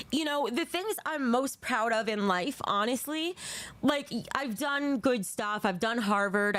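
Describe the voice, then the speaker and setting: A woman's voice: on the high side, no echo. Gushing emotional young woman streamer. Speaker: livestreamer. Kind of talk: casual livestream chat.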